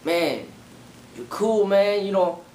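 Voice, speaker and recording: A man's voice: expressive, slow pace, darkish tone. A young man casually recounting personal experiences in a rambling way, full of repeated fillers. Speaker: martial arts channel host. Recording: echoey room with faint rumble.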